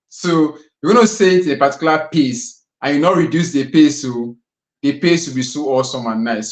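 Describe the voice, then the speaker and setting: A man's voice: fairly high pitch, a little fast, roomy sound, low-quality recording. A man hosting a live session in a studio, chatty and casual, with lots of fillers and frequent laughter. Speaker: host of a live kids' finance session.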